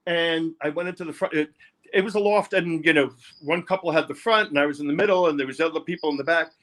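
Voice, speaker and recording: An older man, telling his life story haltingly in an interview, often repeating words. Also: on the high side, a bit bright. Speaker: interview guest, music producer. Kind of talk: candid personal storytelling.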